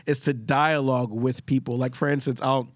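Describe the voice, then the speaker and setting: A man's voice: mid-range voice, steady tone, normal speed, dry recording. A man co-hosting a podcast, telling stories earnestly in a casual discussion, often restarting his sentences. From Puerto Rico. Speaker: podcast co-host.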